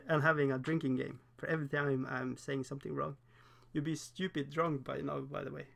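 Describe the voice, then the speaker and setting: Gravelly-voiced Norwegian man chatting on a livestream. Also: on the high side, level tone. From Norway. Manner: chatty, self-deprecating, laughs often, halting with fillers. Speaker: livestream host painting miniatures. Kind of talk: casual livestream chat while painting.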